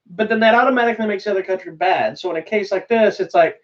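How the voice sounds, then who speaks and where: A man's voice: high voice, quick pace. Rambling man co-hosting a movie podcast. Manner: rambling, thoughtful, many fillers. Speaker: podcast co-host. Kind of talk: casual chat reviewing movies. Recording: distant, dull-sounding mic.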